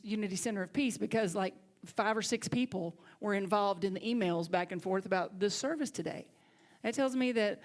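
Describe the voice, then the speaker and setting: A woman minister with a Southern accent, preaching a sermon and telling a personal story with lively swings from loud to hushed. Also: mid-range voice. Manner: animated, swings from loud to hushed near-whisper. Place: church sanctuary.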